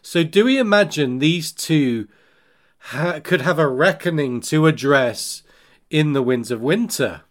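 A man's voice: a little high, animated, measured pace. A man hosting a podcast, discussing fantasy book lore casually, often stammering at the start of a thought and reading out listener questions. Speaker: podcast host.

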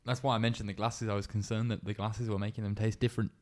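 A man co-hosting a casual podcast, trading quick jokes. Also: lowish voice, little pitch movement, darkish tone. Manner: joking, quick banter. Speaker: podcast co-host. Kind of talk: casual chat.

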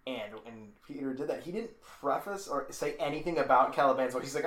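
A man co-hosting a podcast, telling stories in a casual, animated way. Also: mid-range voice, fairly quick. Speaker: podcast co-host. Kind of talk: casual chat. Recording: roomy echo.

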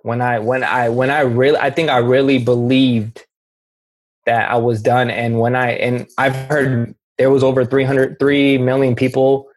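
Husky-voiced man telling a raw story. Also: medium pitch, little pitch movement, unhurried. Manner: emphatic, says "bro" often, many restarts. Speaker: guest sharing his recovery story. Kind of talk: candid personal storytelling.

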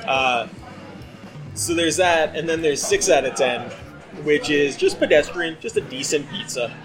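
Rambling, laughing podcast host. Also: male voice, fairly high pitch, animated, measured pace, music in the background. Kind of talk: casual chat.

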